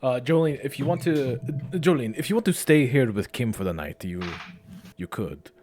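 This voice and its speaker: A game master voicing a calm, businesslike bald Russian mercenary, speaking hesitantly with fillers and no put-on accent. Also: male voice, moderate pace, natural voice. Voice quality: low, relaxed delivery with no put-on accent.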